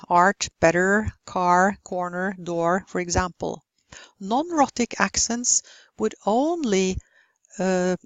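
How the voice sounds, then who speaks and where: A woman giving a recorded slide lecture on pronunciation, explaining calmly and modelling example words one at a time. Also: a little high, dry recording.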